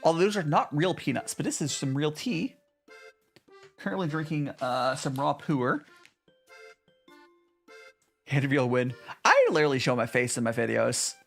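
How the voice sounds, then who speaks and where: Lively, chatty male streamer. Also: a little high, moderate pace, gravelly, pauses often, faint music behind. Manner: chatty, reads and answers chat, many restarts. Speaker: VTuber streamer. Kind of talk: casual live-stream chat. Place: home stream in Japan.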